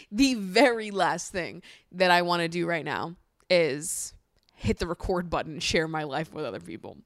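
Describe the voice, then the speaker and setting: Young woman, podcast host, chatty, laughs a lot, slangy, smooth tone, dry close sound. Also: fairly low pitch, lively intonation, normal speed, no room sound. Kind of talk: candid casual chat.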